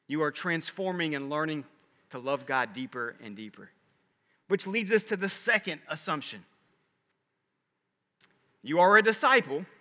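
A man preaching from the pulpit with a high, bright voice that rings through a big sanctuary. He builds his points with emphatic rhetorical questions. Long reverb trails each phrase. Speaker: pastor. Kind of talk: sermon. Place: large church with a balcony.

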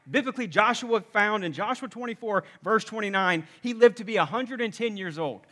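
A man preaching a sermon to a congregation, energetic and conversational, with humorous asides. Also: fairly high pitch, long reverb tail. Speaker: pastor. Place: church sanctuary.

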